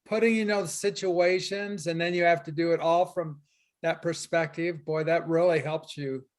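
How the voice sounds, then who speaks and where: High-voiced man teaching Spanish online. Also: steady tone. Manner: encouraging, storytelling with quick asides. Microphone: video call.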